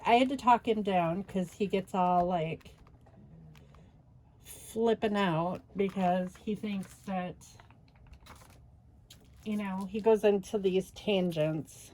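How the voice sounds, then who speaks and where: A woman's voice: mid-range voice, slow, dark tone, rough recording. A woman hosting a craft channel, talking casually in a voice-over while she works. She vents about her frustrations, sighing and laughing ruefully. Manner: venting, retelling with quoted back-and-forth.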